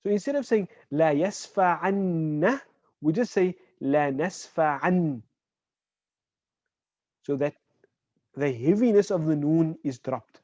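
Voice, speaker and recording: A man teaching an online Arabic class. He explains patiently, checks in with "right?" and says example words slowly. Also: fairly high pitch, expressive, mellow, no echo. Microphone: video call. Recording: dull, dry online call audio.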